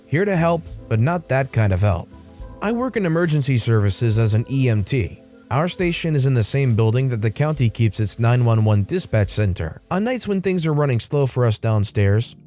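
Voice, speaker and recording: A man's voice: mid-range voice, warm tone. A man narrating online stories aloud in a wry, conversational way. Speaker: storytime narrator.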